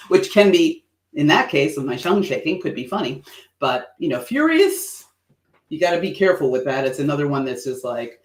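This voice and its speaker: Playful, animated man coaching in an echoey room. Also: on the high side, brisk. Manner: animated, acts out facial expressions with playful asides. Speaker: presentation coach hosting a livestream. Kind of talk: livestream lesson.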